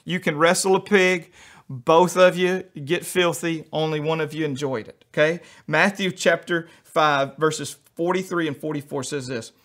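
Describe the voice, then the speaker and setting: A man preaching a sermon as pastor, in a folksy, animated style with homespun humor, swinging between loud emphasis and hushed, soft passages. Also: fairly high pitch, moderate pace.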